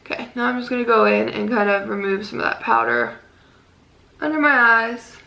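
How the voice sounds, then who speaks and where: A woman's voice: fairly high pitch, animated, normal speed, creaky, bright, forceful tone, muffled recording. A young woman chatting casually through a makeup tutorial, full of "like"s and "um"s. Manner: chatty, many "like"s and "um"s, self-deprecating. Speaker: beauty vlogger.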